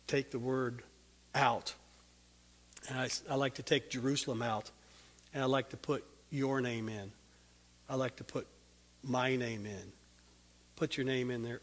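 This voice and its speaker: An earnest man preaching a sermon, stretching out key words and sinking soft and low as he makes his appeal. His voice sits in a middle pitch and rings with a long reverb, as if in a large hall. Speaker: Bible teacher. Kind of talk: sermon with prayer.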